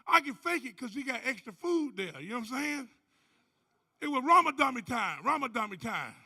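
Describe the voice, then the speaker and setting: This is a man giving a lively testimony from a conference stage. His voice sits unusually high for a man and swings widely as he acts out each character. The tone is bright and gravelly. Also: normal speed. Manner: animated storyteller, acting out other voices and whooping. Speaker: conference speaker. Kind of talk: motivational testimony to a live audience.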